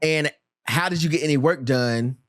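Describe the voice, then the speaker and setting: A man's voice: a little high, moderate pace, a bit bright. A man hosting a podcast interview, teasing his guests playfully and laughing often. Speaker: podcast host. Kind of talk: casual interview.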